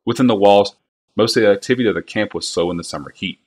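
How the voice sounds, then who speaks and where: Low, husky man reading a novel aloud. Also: fast, darkish tone. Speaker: reader.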